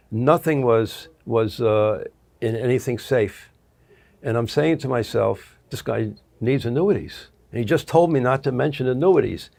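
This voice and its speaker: A man's voice: medium pitch, creaky. A middle-aged man, a guest annuity producer, telling stories in an interview, rambling with restarts and acting out quotes. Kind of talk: interview storytelling.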